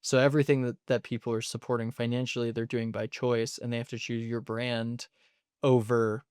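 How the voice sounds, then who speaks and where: A man's voice: medium pitch, little pitch movement, moderate pace, a little mellow, clear, resonant tone, no room sound, clean studio sound. A young man hosting a podcast, talking things through in a thoughtful, analytical way with frequent laughs. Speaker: podcast host. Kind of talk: casual conversation.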